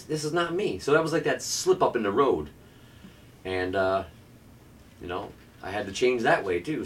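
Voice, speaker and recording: A man's voice: mid-range voice, far from the mic. A middle-aged man telling a candid, earnest personal story as a podcast guest, now and then swearing. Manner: candid, earnest, occasionally profane.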